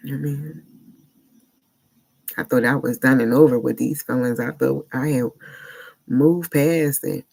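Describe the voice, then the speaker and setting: A man's voice: medium pitch, fairly even intonation, creaky. Earnest man musing in a vlog. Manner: earnest, searching, talks in short halting phrases. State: emotionally unsettled. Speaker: vlogger. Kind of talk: personal reflective vlog monologue.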